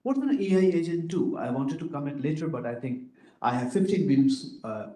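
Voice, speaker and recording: A man's voice: a little high, big pitch swings, brisk, warm tone. A man giving a workshop lecture to students, often asking them questions and tagging his points with "right?". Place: lecture room. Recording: roomy echoey lecture room.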